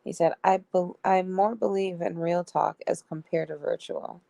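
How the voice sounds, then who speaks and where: Young woman on a live stream, low gravelly voice, reading chat messages out loud and giggling a lot, dry close sound. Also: fairly even intonation, normal speed, no echo. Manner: reads both sides of a chat aloud, giggling often. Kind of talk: casual live-stream storytelling.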